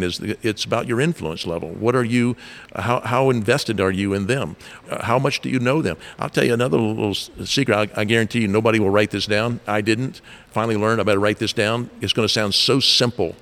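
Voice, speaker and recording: Middle-aged guy, lowish voice, leadership coach telling stories, acts out the quotes. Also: fairly bright tone. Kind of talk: conversational explaining with stories.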